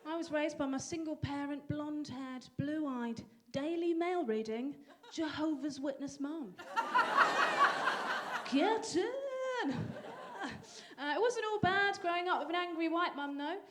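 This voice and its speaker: High-voiced woman doing stand-up. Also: moderate pace, few pauses. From England. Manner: dry, self-deprecating delivery with sudden high bursts. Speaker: stand-up comedian. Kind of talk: stand-up comedy set. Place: comedy venue stage. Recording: live audience laughter.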